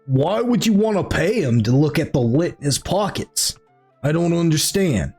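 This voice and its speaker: A big bearded barkeep, gruff and questioning, as a man puts him on. The voice is fairly high for a man and moves around a lot, with faint music behind. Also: very animated, normal speed, a little mellow, full character voice. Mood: puzzled. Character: big burly bearded male barkeep, stern.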